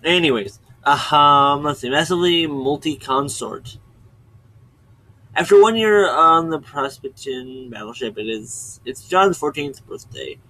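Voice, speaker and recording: A man's voice: on the high side, lively intonation, measured pace, bright, forceful tone, poor audio. Chatty young-sounding man rambling through a recap. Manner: chatty, digressive, often stops to correct himself. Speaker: video host summarizing a webcomic.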